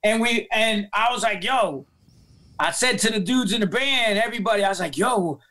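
A man with a New York accent telling profane, animated stories as a podcast guest, acting out the voices of people he quotes. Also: high voice, moderate pace. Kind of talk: storytelling in a podcast interview.

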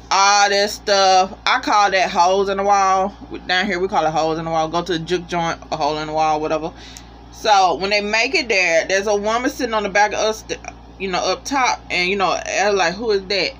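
A TV reviewer giving a casual spoken episode review, animated and profane, talking straight to the viewers. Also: mid-range voice, slight background noise.

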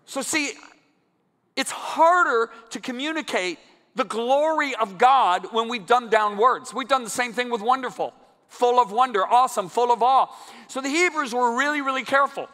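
A man preaching a sermon to a congregation in a large church, emphatic and building to loud climaxes. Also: extremely high pitch, normal speed. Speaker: guest preacher. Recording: long church hall reverb.

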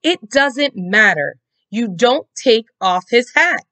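Lady doing a strict mom scolding her kids, sharp and firm, in a storybook. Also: medium pitch, expressive, unhurried, pitched above the performer's own voice. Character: stern, firm mother.

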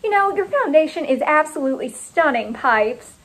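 Nosy, fawning woman baker, read by a woman, high and saccharine. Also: animated, unhurried. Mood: sugary. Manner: saccharine, pushy.

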